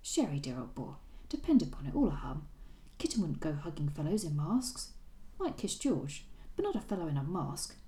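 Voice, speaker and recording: A woman reading out a kindly, bumbling young gentleman who talks in clipped old slang. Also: sits low, big pitch swings, moderate pace, few pauses, recorded from a distance. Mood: consoling. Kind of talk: reading aloud from a novel.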